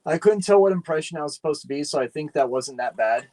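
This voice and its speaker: A man's voice: fairly high pitch, animated, fast talker, mellow, rough recording. A man streaming late at night while building a PC, muttering, swearing and rambling to himself as he works. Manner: rambling, self-deprecating. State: tired, up late. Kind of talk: casual livestream chat while building a PC.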